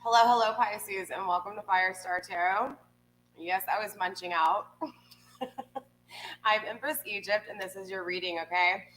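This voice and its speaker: A woman's voice: medium pitch, a little slow, pauses often, a bit bright, a little hiss or hum, low-quality recording. A woman in her forties hosting a tarot reading, chatting casually with viewers, rambling with lots of ums. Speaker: tarot reader, channel host.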